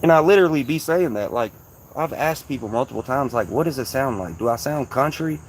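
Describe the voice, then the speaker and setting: A man from Kentucky with a Louisville accent and a soft, slightly raspy voice, rambling casually to his viewers on a livestream in slang. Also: medium pitch, animated, a little fast, slight background noise.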